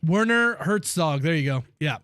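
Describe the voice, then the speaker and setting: A man's voice: fairly high pitch, animated, normal speed, a bit bright, clear, resonant tone, no echo, studio quality. A young man chatting casually with his viewers during a game live stream. He is chatty and opinionated, ranting with slangy asides.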